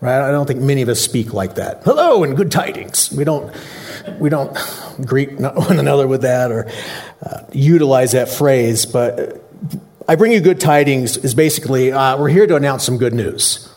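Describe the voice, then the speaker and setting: A man preaching a holiday sermon with a joking, conversational delivery. He talks with his congregation and often asks them questions. His voice sits at an ordinary pitch for a man. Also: moderate pace, a little mellow. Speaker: pastor. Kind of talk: Christmas Eve sermon.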